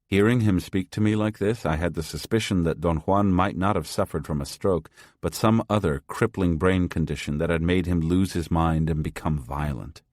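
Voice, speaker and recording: A man narrating a first-person story as an audiobook, in a measured, sober way. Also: low voice, darkish tone, no room sound, clean studio sound.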